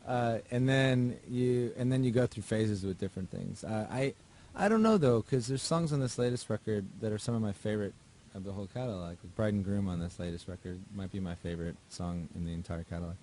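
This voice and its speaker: A man's voice: fairly low pitch, a little fast, warm tone, slight background noise. A male musician talking casually in an interview, loose and rambling with plenty of fillers. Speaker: musician guest.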